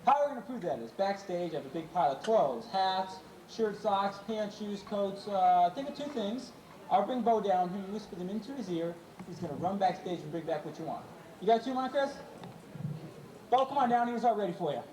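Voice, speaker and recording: A man's voice: high-pitched, animated, darkish tone. Male stage trainer, teasing showman patter, taped from afar in a noisy, roomy venue. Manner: playful, jokey, gives quick dog commands. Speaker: animal trainer and show host. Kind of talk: live stage show patter. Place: live animal show before an audience. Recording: echoey, distant, crowd noise, amateur camcorder. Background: audience cheers and laughter.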